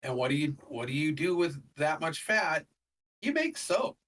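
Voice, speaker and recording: A man's voice: on the high side, normal speed, fairly bright tone, recorded from a distance, low-quality recording. A middle-aged man chatting casually as a guest, rambling with lots of fillers. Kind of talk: casual conversation.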